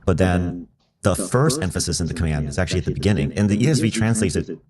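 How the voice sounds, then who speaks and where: A man with a very low voice adds a point to a casual Bible discussion, laying out translation details and leaning on "like" as he talks. He sounds a bit distant from the microphone. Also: expressive, quick pace, a little mellow. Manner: explanatory, uses "like" often. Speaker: Bible study co-host.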